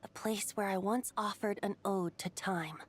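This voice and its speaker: A woman's voice: mid-range voice, steady tone, a little slow, soft background music, lightly acted. A woman voicing a playful young male bard who is a wind god, speaking as a lilting, teasing storyteller in a video game. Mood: solemn.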